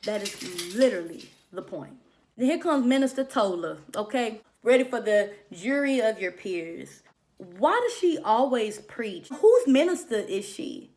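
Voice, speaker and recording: A woman's voice: on the high side, sing-song, measured pace, a little mellow. A woman giving a casual, profane and sassy review of a reality TV episode, with emphatic commentary. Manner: mocks people by mimicking their lines. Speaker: reality TV recap vlogger.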